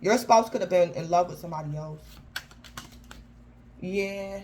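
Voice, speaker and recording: A woman's voice: lowish voice, a little slow, a little mellow, a little hiss or hum, rough recording. Chatty woman giving a tarot reading. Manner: chatty, keeps calling out the sign by name; informal slangy phrasing with frequent restarts. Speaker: tarot reader. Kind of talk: casual tarot reading to camera.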